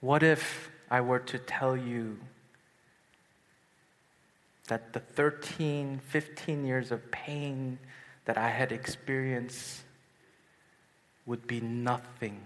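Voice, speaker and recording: A man in his thirties preaching a sermon at a youth retreat, telling a personal story with swings from hushed to excited. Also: medium pitch, slow pace, long pauses. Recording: long hall reverb.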